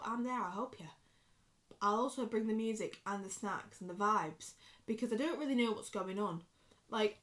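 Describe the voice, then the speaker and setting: A woman in her twenties with a Yorkshire accent, rambling and swearing freely in a casual vlog to camera. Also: medium pitch. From Yorkshire, England. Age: 20s. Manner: rambling, sweary, chatty, animated. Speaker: vlogger.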